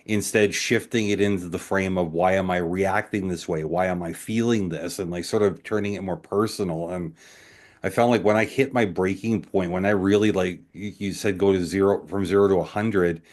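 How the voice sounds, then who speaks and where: A man co-hosting a podcast, speaking in a reflective, measured way. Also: low voice, steady tone, darkish tone. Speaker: podcast co-host. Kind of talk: casual podcast conversation.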